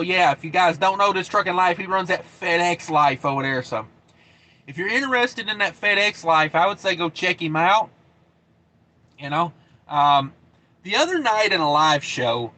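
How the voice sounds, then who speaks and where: Laid-back bright-voiced trucker man. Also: fairly high pitch. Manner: laid-back, drawling, many fillers. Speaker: trucking channel host. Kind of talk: casual live-stream chat.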